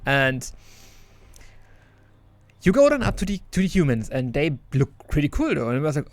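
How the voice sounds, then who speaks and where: A man's voice: a little high, very animated, moderate pace, long pauses, no room sound. Chatty man reviewing a game. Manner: chatty and enthusiastic, with many restarts and some laughs. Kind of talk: casual spoken game review.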